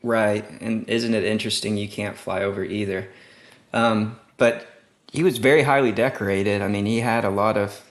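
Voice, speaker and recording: A man with a fairly low voice co-hosts a podcast and talks loosely and casually. He is animated as he moves from one point to the next. His delivery sounds offhand and conversational. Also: moderate pace. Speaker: podcast co-host.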